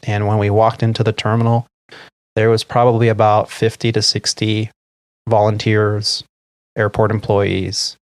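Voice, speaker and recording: A man's voice: on the low side, a little slow, no echo. A middle-aged man, an airline pilot who co-hosts a podcast, telling a story casually and acting out the dialogue. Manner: animated retelling, acting out quoted dialogue.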